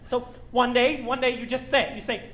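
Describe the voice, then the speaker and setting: A woman's voice: fairly high pitch, fairly even intonation, brisk, a bit bright, lightly acted. A woman playing a lonely middle-aged male musical fan, talking straight to the audience in a rambling, confiding way on a stage. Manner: confiding, rambling, wry asides. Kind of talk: stage play acting, direct address. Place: theater stage.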